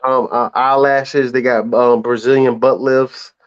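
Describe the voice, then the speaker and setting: A man's voice: medium pitch, flat delivery, measured pace, clear, resonant tone, dull audio. A man with a Southern American accent, talking boastfully and profanely on a live stream panel, laughing often. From Southern United States. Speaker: panel caller. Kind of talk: casual live stream chat.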